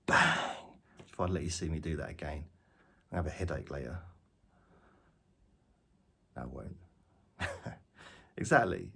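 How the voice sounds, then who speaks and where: Man, deep and breathy, off-the-cuff walking vlog, wry and rambling. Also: sing-song, moderate pace, long pauses, a bit bright. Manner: jokey, self-mocking, digressive. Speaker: vlogger. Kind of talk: rambling spoken monologue to camera. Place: outdoors, walking around.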